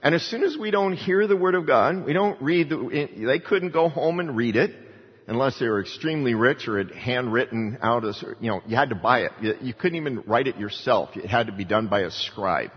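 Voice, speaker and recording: An older man preaching a Bible sermon, animated and rising in pitch to stress points. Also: moderate pace, breathy edge. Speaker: pastor. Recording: dull, reverberant hall sound.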